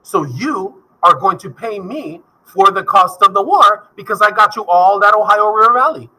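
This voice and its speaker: A man's voice: high voice, animated, moderate pace, pushed and bright, heavily acted, low-quality recording. A man voicing a stern, dismissive king, curt and commanding in a classroom skit.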